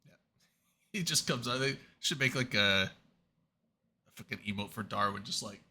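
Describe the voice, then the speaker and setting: Bright, lively man chatting loosely. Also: mid-range voice, unhurried, slight background noise. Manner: rambling, stumbles and restarts, laughs often. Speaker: podcast co-host. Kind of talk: casual chat among friends.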